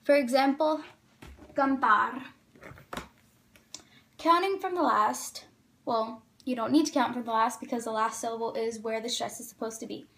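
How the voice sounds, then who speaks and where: Woman, high pitch, clear lesson explainer, slows on examples. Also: a bit bright. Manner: careful, slows down on example words.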